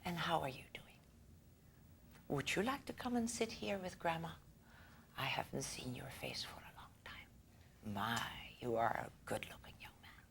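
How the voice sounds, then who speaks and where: A woman voicing a gentle, doting elderly grandmother, speaking softly in a hushed, half-whispered way to a boy. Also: low-pitched, animated, unhurried, gravelly, pauses often, heavily acted. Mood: tender coaxing. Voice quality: soft, whispery.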